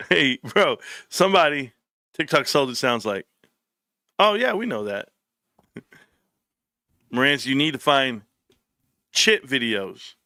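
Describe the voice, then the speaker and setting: A man's voice: mid-range voice, sing-song, slow, pauses often, pushed and bright, no echo, clean studio sound. A man hosting a casual livestream, reading comments and telling loose, profane stories with frequent laughter. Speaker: livestream host.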